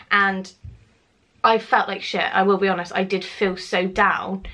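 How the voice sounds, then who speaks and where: A woman's voice: mid-range voice, fairly bright tone. A young woman chats through a personal story for her vlog. She talks casually to the camera at home, swears freely and acts out the lines of the people in it. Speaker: vlogger.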